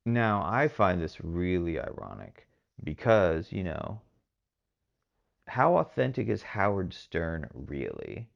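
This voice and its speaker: A man's voice: sits low, big pitch swings, takes it slowly, vocal fry, highs cut off. A man from Texas hosting a podcast, giving rambling casual commentary with lots of fillers and hedges. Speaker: podcast host.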